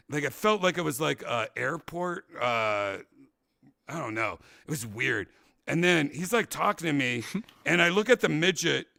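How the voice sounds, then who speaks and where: A man hosting a laid-back talk show, rambling through a long story and shouting out the lines he quotes. His voice sits fairly high and swings up and down a lot, with a gravelly edge. The sound is bright, close and dry. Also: no room sound. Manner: rambling, animated, acts out quotes loudly. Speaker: podcast host. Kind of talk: casual storytelling chat.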